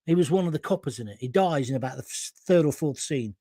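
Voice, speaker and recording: A man's voice: a little high, expressive, fast, mellow, no echo. A man hosting a live talk show, reading out viewer comments and rambling through anecdotes on a close mic. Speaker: host.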